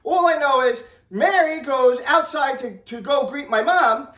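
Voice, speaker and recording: Excited high-pitched guy ranting a story in a vlog, echoey room, sitting back from the mic. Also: a little slow, far from the mic. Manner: excitable, repeats himself, acts out quotes. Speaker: vlogger.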